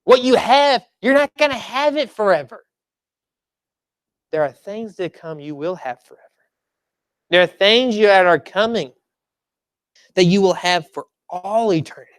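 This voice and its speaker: Preacher at a church service, mid-pitched, talks through the sermon like a story and leans on repeated lines; dry, close recording. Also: expressive, a little slow, pauses often, no echo. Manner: conversational storytelling, emphatic repeated phrases.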